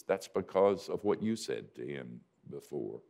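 An older man, a pastor, telling a story in a sermon with dry self-mocking humor, swinging from loud emphasis to hushed quiet. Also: very deep voice, big pitch swings, a little slow, vocal fry.

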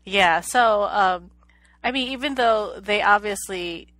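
A woman's voice: mid-range voice, slow pace, fairly bright tone, no echo. A woman co-hosting a podcast in casual chat, hesitant, often repeating words and laughing. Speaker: podcast co-host.

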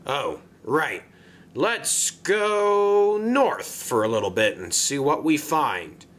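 A man's voice: fairly high pitch, very animated, takes it slowly, a bit bright, exaggerated voice. A man voicing a grumpy, put-upon male barge who talks impatiently and stammers when he is in trouble. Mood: irritated.

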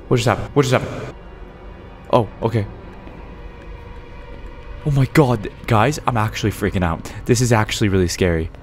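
A man playing a horror game, giving jumpy, excitable let's play commentary straight to his viewers. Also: on the low side, normal speed, pauses often. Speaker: gaming YouTuber. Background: faint game music.

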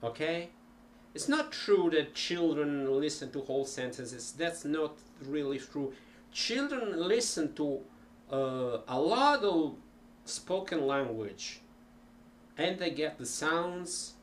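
A man teaching languages in an unhurried, hesitant way, demonstrating phrases aloud. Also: fairly high pitch, expressive, slight background noise. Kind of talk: informal language lesson.

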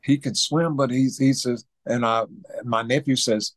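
A man's voice: mid-range voice, unhurried, no echo. A man, telling a story as an interview guest, repeating himself and acting out sounds. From Mississippi. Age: 80s. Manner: animated storyteller with repetitions and sound effects. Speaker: guest musician.

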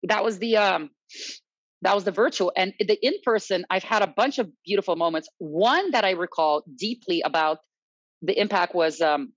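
A woman's voice: medium pitch, normal speed, no echo. Chatty woman, dull dry recording. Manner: animated, quotes others, tag questions "right?". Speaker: salsa dance instructor, guest. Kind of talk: casual storytelling chat.

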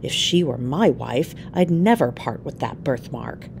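A woman voicing a brawny, earthy male servant who mutters in a lowered voice. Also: expressive, a little slow, vocal fry, slight background noise, heavily acted. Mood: muttering.

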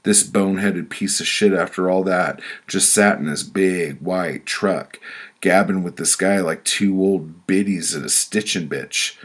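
A man reading his own prose poems aloud as an audiobook, blunt, profane and deadpan. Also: low-pitched, a little slow.

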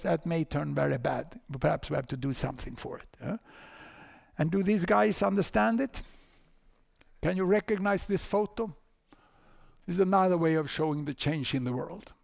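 An older man with a Swedish accent speaks to a conference audience. His voice sits a little high and has a gravelly edge. He tells the story with many asides, "huh?" and "you know", and often stumbles over repeated words. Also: animated, moderate pace, a little mellow. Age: 60s. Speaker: lecturer. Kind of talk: conference talk.

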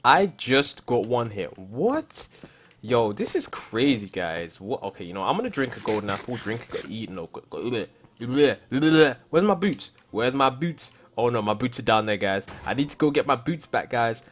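A young man doing casual Minecraft commentary who keeps talking to his viewers and bursts into shouts when something goes wrong. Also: mid-range voice, moderate pace, a little hiss or hum. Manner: excitable, talks to viewers, repeats "guys", bursts into shouts. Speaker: gaming YouTuber.

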